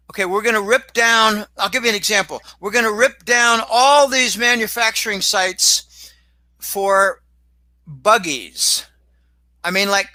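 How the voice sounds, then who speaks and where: A man talking as a guest in a casual interview, rambling and animated, with sudden exclamations. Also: high-pitched, dry recording, rough recording. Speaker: guest commentator.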